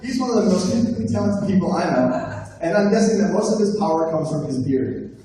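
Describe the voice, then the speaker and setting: A young man emcees a live roast, reading a top-ten list with frequent hesitant fillers in a high-pitched, animated, fast voice with a dark tone. He is in a large echoey room at a live event, picked up by a far mic amid noise and audience laughter.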